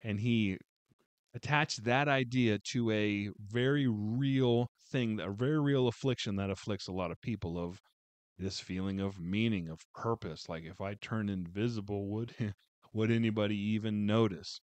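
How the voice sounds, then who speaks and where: A man with a fairly low voice talks through a casual book review in a heartfelt, rambling way, full of fillers and false starts. The sound is close and dry, with no room echo. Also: moderate pace.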